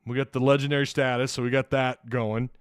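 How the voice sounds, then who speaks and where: A man's voice: medium pitch, level tone, fairly quick, clean tone, dry recording. A man hosting a casual sports livestream from his home studio, rambling and getting flustered over tech trouble. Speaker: sports podcast host.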